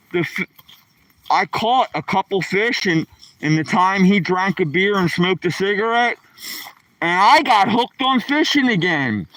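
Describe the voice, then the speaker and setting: A slangy man in his sixties with a Philadelphia accent talks slowly to his live viewers as he walks by a lake, his voice high and bright. The sound is dry and a touch distant from the phone mic. He addresses people by name in an easygoing way. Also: no room sound. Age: 60s. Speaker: live streamer. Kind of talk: casual live-stream chat while walking. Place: outdoors by a lake on a cool rainy morning.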